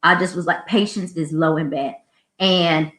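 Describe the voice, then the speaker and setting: A woman who works as a school administrator, hosting a casual show and telling stories in a snarky, animated way. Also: sits low, measured pace. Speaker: podcast host, school administrator. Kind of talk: casual storytelling. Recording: roomy echo.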